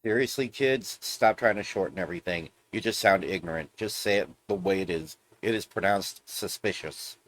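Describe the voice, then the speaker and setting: Male gaming vlogger, low-ish voice, blunt rambling ranter who swears freely. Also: brisk, few pauses. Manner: blunt, profane, rambling rants. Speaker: gaming video host. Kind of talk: casual ranting vlog commentary.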